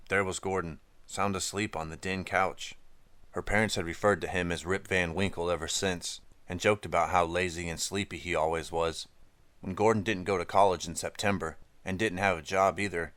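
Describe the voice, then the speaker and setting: A man narrating an audiobook in an even, measured storytelling manner. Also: low-pitched, clean tone, dry recording.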